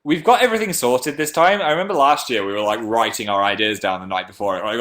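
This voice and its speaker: A young man with a slight northern English accent, chatting casually on a livestream and answering viewer comments in a playful way that jumps into silly high voices. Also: fast talker, a bit bright.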